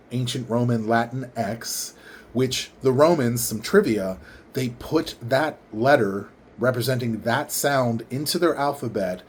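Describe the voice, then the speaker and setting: A man casually explaining how to pronounce his name, leaning in to the microphone and enunciating slowly and carefully. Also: medium pitch, darkish tone, a little hiss or hum. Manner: enunciates carefully, repeats words slowly syllable by syllable. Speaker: vlogger teaching name pronunciation. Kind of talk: casual explanatory talk to camera. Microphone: leans in toward microphone.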